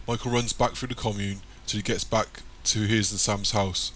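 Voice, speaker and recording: A man reading an audiobook chapter in plain, even scripted narration. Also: fairly low pitch, normal speed, a little hiss or hum.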